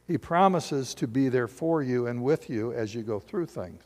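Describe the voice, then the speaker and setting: A middle-aged man pastor preaching a sermon in a church, animated and full of rhetorical questions to the congregation. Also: medium pitch, normal speed. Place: church sanctuary. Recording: long hall reverb.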